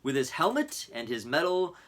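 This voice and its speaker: A man, a teacher, reading a children's picture book aloud to his students in an expressive storytelling voice. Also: on the high side, moderate pace.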